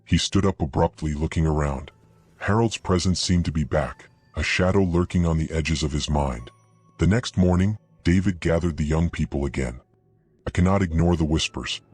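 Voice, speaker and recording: A man narrating a horror story in a steady, even scripted read, with a husky voice. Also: very deep voice, moderate pace, dry recording.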